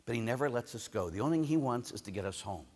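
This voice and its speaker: A man's voice: mid-range voice, expressive, racing, darkish tone, in a large hall. A man from Pittsburgh with a Pittsburgh accent, preaching a sermon told as a jokey farm story, with big swings in volume.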